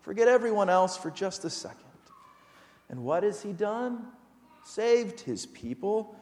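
A man's voice: high voice, very animated, measured pace, a little mellow. A man preaching a sermon as pastor, earnest and emphatic, asking his listeners pointed rhetorical questions. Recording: long hall reverb.

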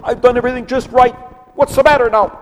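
A man's voice: steady tone, fast talker, big-room sound. A man doing a whimpering self-pitying prophet. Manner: whiny, high and pleading.

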